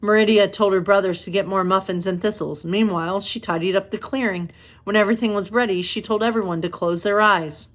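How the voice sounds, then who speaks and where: A woman pastor reads bedtime stories aloud at an easy pace. Her pitch sits in the middle, and she slips into chatty, self-deprecating asides between passages. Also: steady tone, a little fast. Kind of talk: bedtime story reading.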